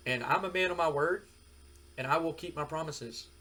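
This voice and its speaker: A man voicing a scheming older male wrestling boss who makes placating promises, with a husky voice. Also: on the high side, normal speed, pushed and bright.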